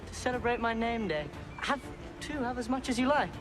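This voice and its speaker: A man's voice: very high voice, brisk, a bit bright, faint music behind. An actor playing a cruel young king with a posh southern English accent, silky and mock-generous.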